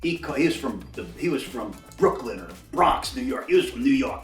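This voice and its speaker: A man in his sixties coaching quarterbacks in a film room, animated and profane, shouting out snap counts and cadences. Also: medium pitch, fairly quick, recorded from a distance. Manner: profane, drill-sergeant bark. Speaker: football coach. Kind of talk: coaching session. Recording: echoey room, mic from afar, faint music.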